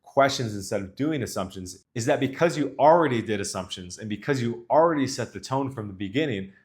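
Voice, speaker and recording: A man speaking casually to camera as a dating coach, explaining calmly and directly. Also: mid-range voice, brisk. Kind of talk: instructional talk to camera.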